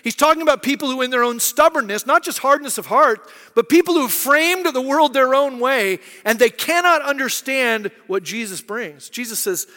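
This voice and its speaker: A man's voice: very high voice, expressive, moderate pace, few pauses, bright, forceful tone. A man preaching a conversational sermon as pastor, acting out quoted voices and often checking in with "right?". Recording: long hall reverb.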